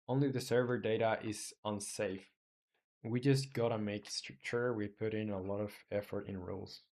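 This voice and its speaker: A man, not a native English speaker, live-streaming his game coding, thinking aloud in halting phrases full of fillers and muttering search terms as he reads. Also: fairly low pitch, steady tone, a little mellow.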